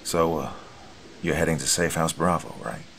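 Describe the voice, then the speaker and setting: A man's voice: very deep voice, moderate pace, fairly bright tone, slight background noise. A man voicing a weary, grieving special forces squad leader who speaks in a subdued, hesitant way.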